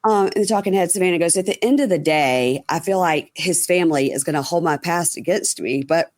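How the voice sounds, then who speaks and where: A woman's voice: on the low side, brisk, a little mellow, dry recording, studio quality. A woman hosting a casual podcast, recapping a reality episode and acting out people's lines, with frequent ums and swearing. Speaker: podcast host.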